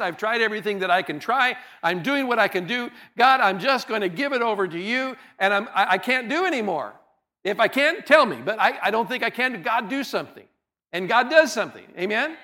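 A man with a high, bright voice preaches to his congregation in a church. He talks in an earnest, conversational way and often stumbles and restarts his words. He sounds like a pastor speaking plainly to his people. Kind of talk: sermon. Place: church sanctuary.

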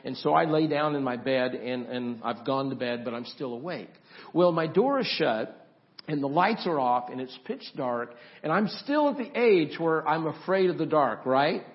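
A man preaching a sermon, telling a childhood story with rising suspense, then softening to a quiet, gentle invitation. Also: fairly high pitch, expressive, moderate pace, dull audio. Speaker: pastor.

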